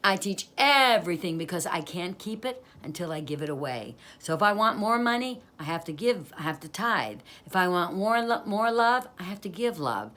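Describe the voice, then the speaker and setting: A woman from New York reading aloud from her own inspirational book. Her voice is lowish but strikingly bright and forceful. She talks in an upbeat, preachy way and rolls through long rhythmic lists. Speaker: author.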